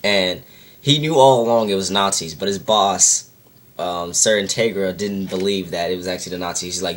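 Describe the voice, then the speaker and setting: Young male vlogger, low-pitched, loose and rambling, correcting himself as he goes. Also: moderate pace, slight background noise. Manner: rambling, many "like"s, self-correcting. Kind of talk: casual retelling.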